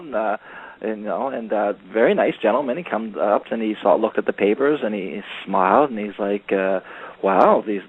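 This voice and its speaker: A man's voice: on the low side, slightly rough. A man telling a rambling story in casual chat, with many fillers, acting out what others said. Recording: phone line call-in.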